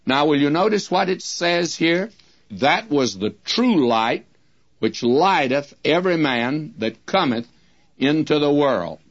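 A man's voice: on the high side, expressive, takes it slowly. A man teaching the Bible in a radio sermon, emphatic and speaking straight to his listeners as friends, on a dull lo-fi broadcast recording.

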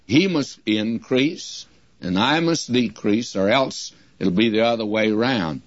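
An older man teaching a Bible passage on the radio, in a plain-spoken, deliberate way and quoting scripture in old English. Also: fairly low pitch, dry recording. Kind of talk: radio sermon. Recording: dull lo-fi radio recording.

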